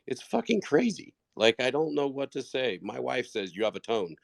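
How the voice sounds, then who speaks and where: A man's voice: mid-range voice, lively intonation, fairly quick, gravelly, no echo. A man hosting a casual call-in chat, ranting profanely and sounding exasperated.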